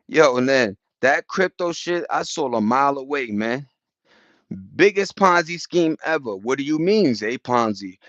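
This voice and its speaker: A man's voice: mid-range voice, expressive, measured pace, a bit bright, no echo, lo-fi sound. A man chatting loosely with his viewers on a live stream, slangy and profane, wandering from topic to topic. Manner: loose, profane, slangy and rambling, with frequent restarts. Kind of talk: rambling casual live chat. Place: outdoors.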